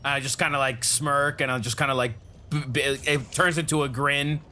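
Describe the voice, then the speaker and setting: A man's voice: mid-range voice, fairly even intonation, normal speed, pushed and bright, slight background noise. A man playing in a tabletop game, laid-back and swearing freely. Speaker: player. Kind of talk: tabletop role-play.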